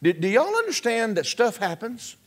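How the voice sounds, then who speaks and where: A man's voice: very high voice, huge pitch swings, normal speed. A middle-aged man preaching a sermon, calling out questions to his congregation. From Georgia, US. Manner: preaching with call-outs to the congregation. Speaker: pastor.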